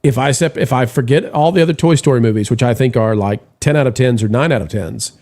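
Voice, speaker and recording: A man hosting a relaxed live stream reads out viewer messages, rambling along with fillers and frequent restarts. His medium-pitched voice moves fast and has a darkish tone.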